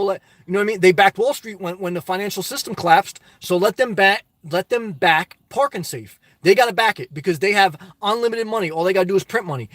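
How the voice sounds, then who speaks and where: A man with a New Jersey accent hosting a casual livestream, answering chat with animated rhetorical questions that swing from loud to soft. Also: sits high, no echo. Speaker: livestream host reading chat. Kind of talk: casual live chat monologue.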